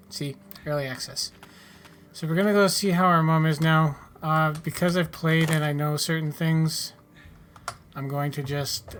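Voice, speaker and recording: Wry, mumbling gaming commentator. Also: male voice, on the high side, fairly bright tone, a little hiss or hum. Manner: wry, offhand, mutters asides. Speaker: gaming YouTuber. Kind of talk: casual let's-play commentary.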